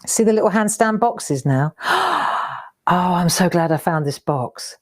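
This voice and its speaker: A woman's voice: fairly low pitch, lively intonation, normal speed. A middle-aged woman hosting a craft live stream, chatting and exclaiming as she looks through old keepsakes. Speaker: craft show host. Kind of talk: casual live-stream chat.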